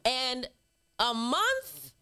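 A woman's voice: high voice, very animated, very slow, bright, forceful tone, clean tone, no echo, clean studio sound. A woman in her thirties co-hosting a podcast. She talks in a sassy, mocking way and reads hate mail aloud, laughing as she goes. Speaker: podcast co-host. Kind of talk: casual chat.

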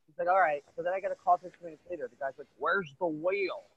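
A man telling a story in casual chat, halting and repeating words. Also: sits high, creaky, breathy edge. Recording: tinny phone-like line.

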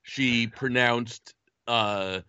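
A man's voice: mid-range voice, steady tone, drawn-out words, pushed and bright, clear, resonant tone, dry recording, highs cut off. A man co-hosting a casual podcast, joking and stammering as he tells a story. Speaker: podcast co-host.

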